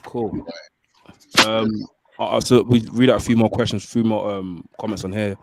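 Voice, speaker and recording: A man's voice: lowish voice, steady tone, normal speed, creaky, heavy background noise. A man hosting a podcast, reading out listener comments in an easygoing way. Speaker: podcast host. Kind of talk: casual podcast chat.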